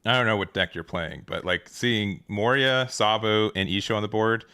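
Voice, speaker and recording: A man commentating a card game match in a casual, relaxed way, hedging often and restarting his sentences. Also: fairly low pitch, moderate pace, smooth.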